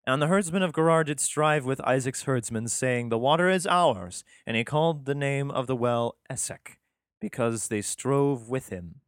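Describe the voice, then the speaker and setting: A man's voice: mid-range voice, moderate pace, smooth, no room sound, clean studio sound. A man reading scripture aloud, breaking off for sarcastic, profane and exasperated comic asides. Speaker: host reading scripture with commentary. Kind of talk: irreverent comic commentary.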